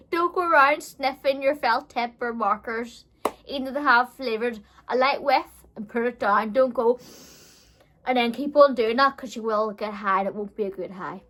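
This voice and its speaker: A woman's voice: a little high, moderate pace, pushed and bright, slight background noise. A woman telling a casual storytime vlog as a beauty vlogger, chatty and giggly, peppering her talk with fillers.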